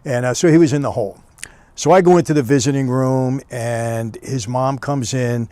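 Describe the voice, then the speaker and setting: A man's voice: mid-range voice, normal speed, warm tone, dry recording. A man telling a personal story in a casual, conversational way, often dropping in "you know.". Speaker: storyteller recounting prison years.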